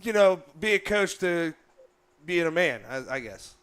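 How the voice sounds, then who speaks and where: A man co-hosting a sports podcast, excited and joking with his guest. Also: sits high, unhurried, smooth. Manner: excited, laughing, jokey. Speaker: podcast co-host. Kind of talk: casual podcast chat.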